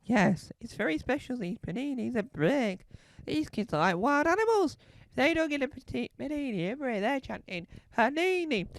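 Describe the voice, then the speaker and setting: A performer voicing an excitable eighteen-year-old school dinner man who rambles through a story in a comedy sketch. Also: high-pitched, voice pushed up.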